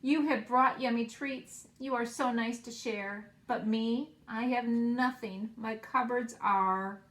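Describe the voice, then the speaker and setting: A woman voicing a gentle, worried male bear in a storybook read-aloud, slow and soft. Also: fairly high pitch, steady tone, reverberant. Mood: sorry.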